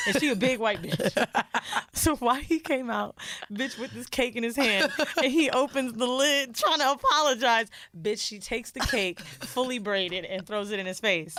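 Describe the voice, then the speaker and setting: A woman's voice: a little high, moderate pace, dry recording, studio quality. A young woman co-hosting a podcast, retelling a reality show with lots of swearing and acted-out quotes in casual chat. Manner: animated storyteller, swears freely, acts out quotes. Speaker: podcast co-host.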